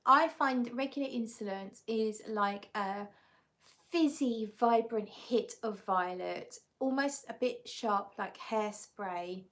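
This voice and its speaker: An English livestream host reviewing perfumes speaks slowly in a high-leaning, fairly bright voice. In this casual live chat she reads viewers' comments out loud and replies to them in a chatty way.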